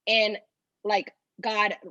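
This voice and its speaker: This thirties-aged woman, guesting on a podcast, tells personal stories in a mid-range voice that is bright and forceful yet flat, with drawn-out words. Her casual talk rambles in loose phrases heavy with "like," and at moments she seems tearful. No echo, though the audio is dull.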